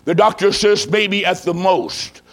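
Preacher doing a blunt, caring pastor. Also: male voice, sits high, steady tone, a little slow, fairly bright tone. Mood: earnest.

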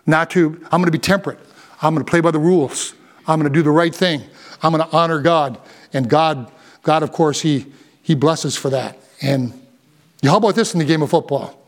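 An older man preaching a sermon to a congregation, with a notably high-pitched voice. His delivery swings between quiet, reflective passages and fervent, near-shouted exhortation. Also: brisk. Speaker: pastor.

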